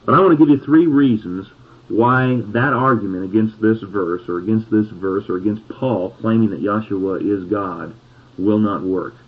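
A man preaching a sermon, reading scripture slowly and pausing on key words for emphasis. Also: fairly low pitch, slightly rough. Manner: slow, deliberate scripture reading with emphatic pauses. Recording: tinny phone-like sound.

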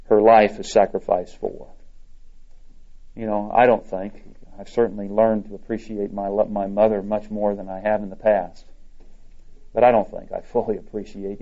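A man preaching a sermon in an earnest, measured way. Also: lowish voice, warm tone. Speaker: pastor. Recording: dull lo-fi recording.

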